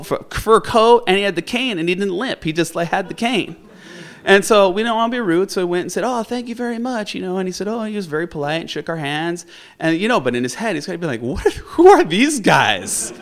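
A man telling a funny personal story, animated and often laughing, acting out the people in it. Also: on the high side. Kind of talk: personal story told to an audience.

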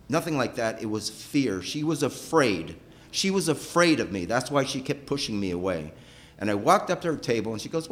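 A middle-aged man telling a personal story with emotion. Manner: emotional, animated, pitch rising and falling sharply.

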